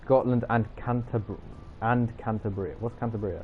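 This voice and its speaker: A man's voice: medium pitch, fairly even intonation, normal speed, slight background noise. A young man, streaming a racing game and trading teasing, jokey banter with his chat. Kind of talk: live gameplay chat with viewers. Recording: slightly dull audio with music behind.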